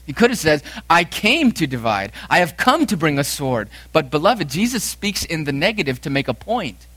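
A man preaching a sermon, emphatic, repeating lines for force, swinging from loud to hushed. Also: fairly high pitch, sing-song, normal speed, no echo. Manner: emphatic preaching with dramatic swings in loudness and repetition. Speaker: pastor.

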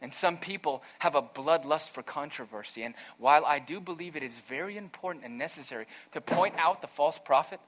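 A pastor preaching an earnest, emphatic sermon, weaving in a storytelling aside. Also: male voice, on the high side, expressive, brisk, few pauses, fairly bright tone.

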